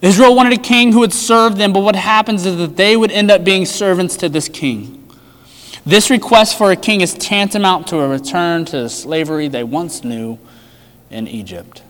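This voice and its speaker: Guy preaching a sermon, kinda high voice, lots of questions, long hall reverb. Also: moderate pace. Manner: emphatic preaching with rhetorical questions, swinging between loud and hushed. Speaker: pastor.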